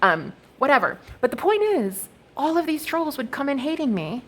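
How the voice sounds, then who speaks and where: A woman's voice: sits high, moderate pace. A young woman talking to her viewers in a casual, rambling, profane monologue while reading oracle cards. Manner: profane, expressive, animated storytelling.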